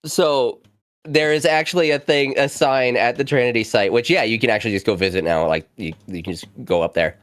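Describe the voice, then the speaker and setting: A man chatting casually on a stream, animated, swearing freely and laughing often. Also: medium pitch, a little fast, no echo, studio quality. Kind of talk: casual chat.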